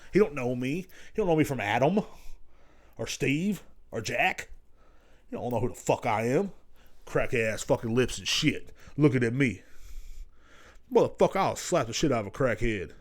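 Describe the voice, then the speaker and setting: A man's voice: mid-range voice, very animated, normal speed, pauses often. Brief: young male solo podcaster, casual and profane, rambles loosely. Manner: rambling, profane, jumps between stories. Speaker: podcast host.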